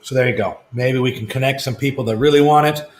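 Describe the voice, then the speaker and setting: A man's voice: mid-range voice, quick pace, a little hiss or hum. A man co-hosting a live whisky chat, teasing his partner and reading out viewer questions. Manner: dry, teasing, reads viewer comments. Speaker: whisky show co-host. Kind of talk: casual live-stream chat. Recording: echoey room.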